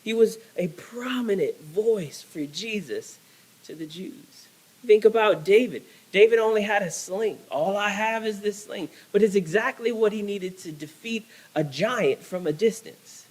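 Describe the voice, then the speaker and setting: A man's voice: high voice, a little slow, slightly rough, rough recording. A male pastor preaching a sermon, emphatic and repetitive, restarting phrases as he builds.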